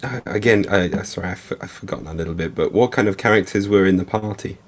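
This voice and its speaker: A man co-hosting a casual livestream chat, talking in a relaxed, chatty way with fillers. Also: deep voice, fast. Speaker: co-host.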